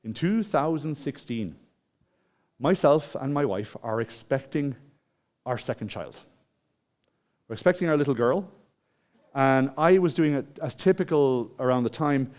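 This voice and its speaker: A man's voice: medium pitch, lively intonation, moderate pace, darkish tone. A man with an Irish accent giving a conversational conference talk, asking the audience questions and telling a personal story. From Ireland. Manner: conversational, asks the audience questions, many restarts. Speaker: conference speaker. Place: conference hall.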